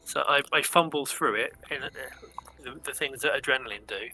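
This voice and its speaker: Man playing a tabletop game, very bright, sharp-edged voice, earnest and stammering. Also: medium pitch, brisk, faint music behind, poor audio. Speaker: player. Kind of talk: tabletop role-play, in character.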